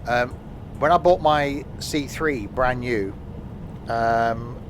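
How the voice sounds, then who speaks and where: A man's voice: mid-range voice, slow. Man, rambling gameplay chat, self-mocking, fillers, game noise behind. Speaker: streamer. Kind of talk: live gameplay commentary.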